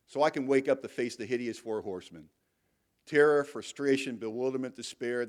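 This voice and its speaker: A middle-aged man giving a candid, emphatic recovery talk to a convention audience and telling his own story with self-mocking humor. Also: mid-range voice. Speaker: AA speaker. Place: convention hall.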